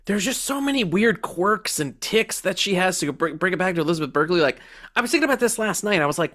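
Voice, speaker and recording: A man's voice: high voice, lively intonation, fast talker, a bit bright. A man co-hosting a movie review podcast, talking in a loose, profane, jokey way and acting out quotes from the film. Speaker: podcast co-host. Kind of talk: casual movie review chat.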